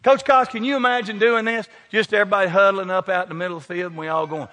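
Male pastor, folksy humor, bright tone, long church reverb. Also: sits high, fast talker, hardly any pauses. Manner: folksy, joking preacher addressing congregation by name. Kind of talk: sermon. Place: large church sanctuary. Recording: long hall reverb from sanctuary.

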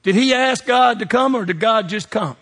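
A man's voice: high voice, lively intonation, normal speed, a bit bright. A man preaching a sermon as pastor, emphatic and calling out to his congregation. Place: church sanctuary. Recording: long reverb of a large hall.

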